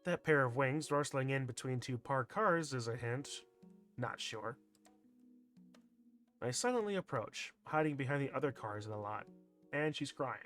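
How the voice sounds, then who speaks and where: A man's voice: mid-range voice, expressive, normal speed, long pauses, fairly bright tone, soft background music. A man streaming a visual novel, reading it aloud and dropping sardonic, wry asides.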